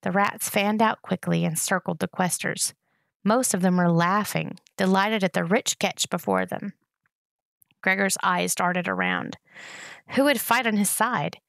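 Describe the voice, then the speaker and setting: A woman reading a novel aloud in steady narration. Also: medium pitch, measured pace, gravelly, no room sound, studio quality. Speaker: reader.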